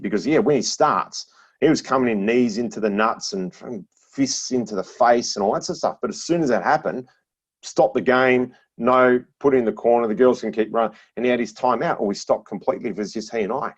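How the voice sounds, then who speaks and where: A middle-aged man, a podcast guest, chatting casually and telling animated stories, laughing often and restarting his phrases. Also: medium pitch, brisk, slightly rough. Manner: animated storyteller with frequent laughs and repeated restarts. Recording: dull lo-fi sound.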